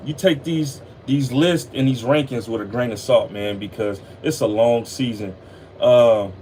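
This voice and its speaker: A man's voice: medium pitch, a little mellow. A man hosting a casual football talk show, laid-back and tired, loose and profane, with a faint air conditioning hum behind him. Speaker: sports podcast host.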